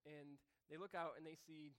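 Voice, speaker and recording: A man's voice: on the high side, steady tone, normal speed, a bit bright, clear, resonant tone. A man preaching a casual sermon, reading scripture and then explaining it in a loose, conversational way that corrects itself as he goes. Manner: conversational, self-correcting, chuckles at himself. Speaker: pastor.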